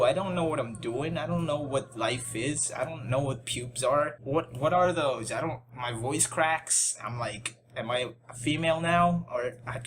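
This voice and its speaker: A man's voice: medium pitch, moderate pace, few pauses, fairly bright tone. A young man telling a story in a casual vlog, rambling and self-deprecating, with many restarts and asides. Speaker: YouTube channel host. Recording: music bed under the voice.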